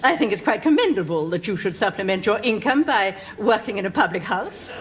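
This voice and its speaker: A woman's voice: mid-range voice, expressive, fairly quick. A woman playing a haughty pub customer in a sitcom, imperious in manner. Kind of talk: sitcom acting. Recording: noisy sitcom with loud audience.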